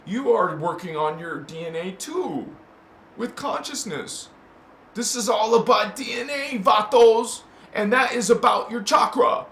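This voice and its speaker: A man hosting a spiritual talk, rambling between quiet musing and impassioned shouts. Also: sits high, expressive, unhurried. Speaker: spiritual channel host. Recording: echoey room with faint noise.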